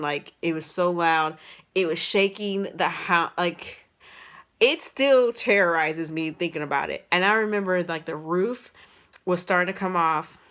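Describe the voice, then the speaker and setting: A young adult woman tells a personal story to her vlog audience in a casual, rambling way. Her voice sits a little low for a woman, and she leans on fillers and restarts as she talks. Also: sharp tone. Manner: rambling, many fillers and restarts, emotional retelling. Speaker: vlogger.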